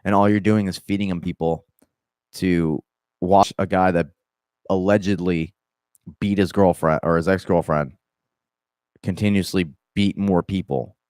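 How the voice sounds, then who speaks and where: A young man with a Southern accent talks casually about fighting news, in loose, profane bursts full of restarts and asides. His voice sits low, and the recording is dry and close. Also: steady tone, measured pace, pauses often, a little mellow, no room sound. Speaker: MMA podcast host. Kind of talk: casual commentary.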